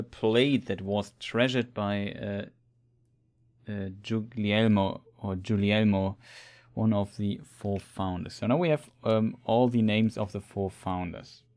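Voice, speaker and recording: Male streamer, lowish voice, relaxed hesitant play-along commentary. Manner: thinking aloud, hesitant with fillers. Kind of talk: casual gameplay commentary.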